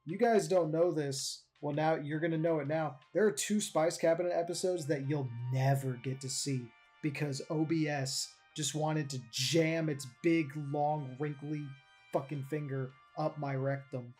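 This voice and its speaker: Casual podcast host, mid pitch, loose and profane, faint music behind. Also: fairly even intonation, unhurried, darkish tone. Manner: loose, profane, laughs easily. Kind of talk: casual chat.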